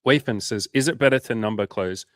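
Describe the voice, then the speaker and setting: Guy doing a chill coaching livestream, reads chat and swears a lot, lowish voice, dry sound. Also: a little fast, fairly bright tone, no echo. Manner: blunt, profane, frank advice. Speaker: dating coach hosting a livestream. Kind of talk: casual livestream chat, reading viewer comments.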